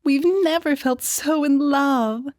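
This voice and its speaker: A woman's voice: mid-range voice, expressive, a little fast, a little mellow, no room sound, natural voice. A coy, playful young princess with a lifted, sing-song lilt, played by a woman narrator. Her lines land from an audiobook, recorded close and dry.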